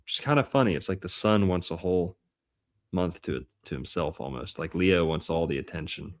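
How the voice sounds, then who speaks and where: A man's voice: deep voice, fairly quick. A man hosting a casual podcast chat about astrology, playful and punning, stretching out words for emphasis. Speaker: podcast host.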